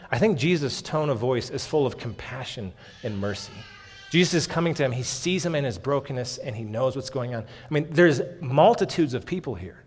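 A man preaching a sermon on a Bible passage in an earnest, emphatic way, often saying "okay", in a church hall. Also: mid-range voice. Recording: long hall reverb.

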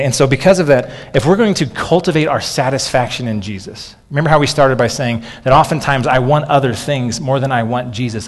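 A man's voice: medium pitch, in a large hall. A man in his thirties preaching a sermon as a pastor, talking conversationally and often restarting with "okay.".

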